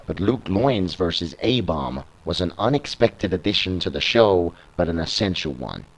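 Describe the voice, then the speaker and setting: A stern male wrestling company owner brushes off complaints, as a British man reads his lines. He is curt and impatient, with a low voice. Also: expressive, moderate pace, poor audio.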